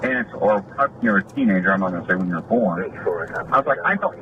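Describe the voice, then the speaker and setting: A man's voice: low-pitched, quick pace. A man, an off-duty deputy, retelling a dispute in an aggrieved way, recorded in a vehicle. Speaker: off-duty deputy telling a complaint. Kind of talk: recorded personal account. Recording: muffled noisy video audio.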